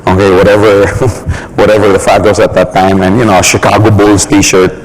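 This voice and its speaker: A man giving a motivational business talk, laughing often and acting out quick examples in funny voices. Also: fairly low pitch, level tone, low-quality recording. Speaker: business trainer.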